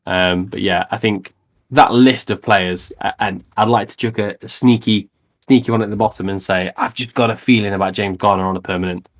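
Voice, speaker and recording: Brief: deep male co-host, casual, thinks aloud as he talks football. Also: steady tone, a little fast. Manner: conversational, thinks aloud with repeated starts. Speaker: podcast co-host. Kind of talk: casual football podcast chat.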